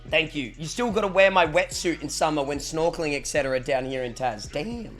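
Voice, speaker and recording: A man's voice: a little high, lively intonation, fairly quick, a bit bright, faint music behind. An Australian man streaming live, chatting loosely with viewers, swearing now and then and thanking them for subs. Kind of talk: casual live-stream chat.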